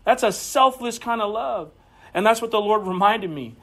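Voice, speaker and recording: Pastor, male, higher-pitched voice, conversational storytelling sermon in a church, repeats himself, builds to emphatic peaks. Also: moderate pace, a bit bright.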